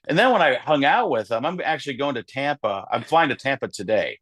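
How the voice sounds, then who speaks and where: A man's voice: medium pitch, animated, fairly quick, few pauses, fairly bright tone, no room sound, studio quality. A man, a comedian, chatting animatedly as an interview guest and slipping in and out of voices. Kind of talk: lively interview chat.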